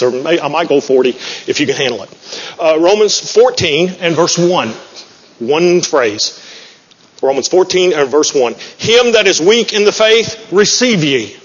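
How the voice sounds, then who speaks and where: Folksy joking preacher in a hall. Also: male voice, on the high side, breathy edge. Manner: folksy, joking, self-deprecating. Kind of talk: sermon. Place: church sanctuary. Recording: muffled, with long hall reverb.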